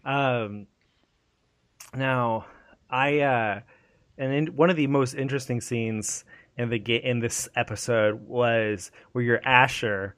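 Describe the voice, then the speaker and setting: A man co-hosting a casual gaming podcast, animated and profane, acting out game scenes in quick put-on voices. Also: medium pitch, dry recording. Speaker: podcast co-host.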